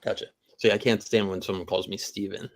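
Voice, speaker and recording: A man's voice: fairly low pitch, level tone, fairly quick. A man co-hosting a casual talk show, rambling through joking anecdotes. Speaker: podcast co-host. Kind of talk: casual chat, storytelling.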